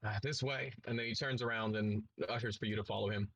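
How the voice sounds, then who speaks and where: A man's voice: on the low side, quick pace, rough recording. Man narrating a tabletop game. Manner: relaxed, casual narration with fillers. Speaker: game master.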